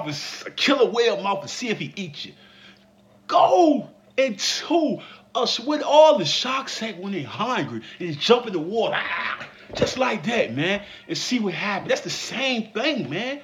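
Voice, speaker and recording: A man giving a comedic commentary vlog, laughing and breaking into mock shouts. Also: high voice, very animated, a little slow, highs cut off. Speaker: vlogger.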